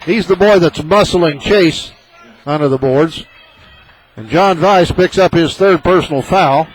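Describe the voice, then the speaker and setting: A man calls a high school basketball game for a small local radio station, rooting openly for his team. His voice sits a little high and leaps up when the action heats up. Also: measured pace, husky, low-quality recording. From southern Illinois. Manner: partisan, excitable, rises sharply on big plays. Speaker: play-by-play announcer.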